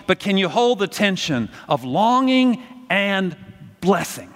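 Male preacher, high voice, animated storytelling, long church-hall reverb. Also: takes it slowly. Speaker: pastor. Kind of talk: sermon.

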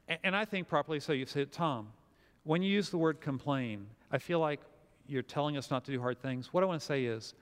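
A man preaching a sermon as pastor, telling a story with lively acted-out quotes. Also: medium pitch, fast talker, in a large hall.

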